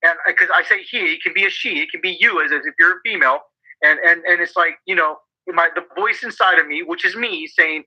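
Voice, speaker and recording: A man's voice: sits high, lively intonation, fairly quick, sharp tone, highs cut off. A man co-hosting a podcast, talking in a profane, emphatic way and often repeating himself as he drives a point home. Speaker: podcast co-host. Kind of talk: casual motivational chat.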